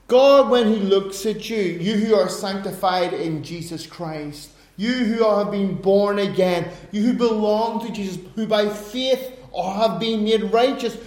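A middle-aged man preaching a sermon, telling personal stories in an animated way, breaking into bursts of laughter. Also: sits high. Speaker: pastor. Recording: roomy echo.

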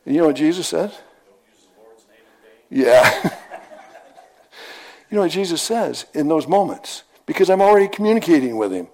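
A man's voice: a little high, sing-song, brisk, long pauses, mellow. A middle-aged man preaching a sermon in a folksy, conversational storytelling manner, often repeating his phrases.

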